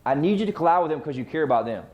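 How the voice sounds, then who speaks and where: A man's voice: on the high side, expressive, racing, lo-fi sound. A middle-aged man coaching a real estate training session, often asking the group questions and answering them himself. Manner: rhetorical questions to the class. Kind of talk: training talk.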